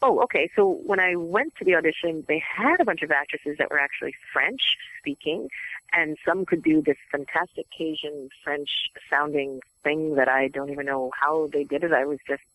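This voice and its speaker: Woman guest, bright and lively, dry close sound, chatty anecdotes. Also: low-pitched, no echo, rough recording. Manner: animated, chatty, quick to laugh. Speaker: voice actress guest. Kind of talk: casual interview storytelling.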